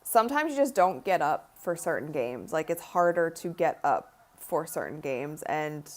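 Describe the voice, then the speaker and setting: A young woman with a deep voice and big pitch swings hosts a livestream watch party, commenting casually at a moderate pace. Chatty but tired, she yawns here and there and often uses "like" and "honestly."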